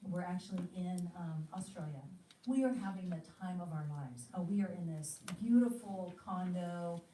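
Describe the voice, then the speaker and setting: American woman telling animated stories. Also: fairly low pitch, normal speed, slight background noise. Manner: animated, acts out quoted thoughts. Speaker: ministry teacher. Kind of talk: storytelling teaching talk. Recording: echoey room, mic at a distance.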